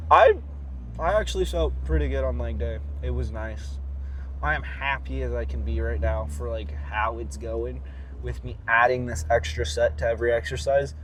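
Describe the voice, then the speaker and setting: Male vlogger, mid-pitched, cussing and rambling, faint car hum behind. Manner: profane, rambling and animated. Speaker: fitness vlogger. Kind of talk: casual vlog rant.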